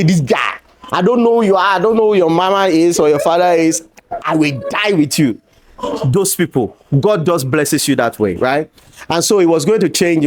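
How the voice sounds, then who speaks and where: Male speaker, animated stage storyteller, slightly high voice, pidgin asides. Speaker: conference speaker. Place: event stage before an audience.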